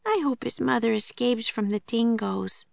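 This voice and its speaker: A woman voicing an excitable, tender-hearted young girl in a storybook, speaking in a breathless, eager way. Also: sits high, slow, creaky, no room sound, pitched above the performer's own voice, full character voice. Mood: worried.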